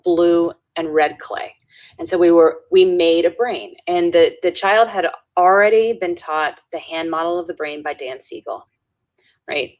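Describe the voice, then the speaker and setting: Low-voiced woman telling a story. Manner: earnest, with frequent restarts and "right?" tags. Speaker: podcast guest, educator. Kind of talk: storytelling in a conversational interview.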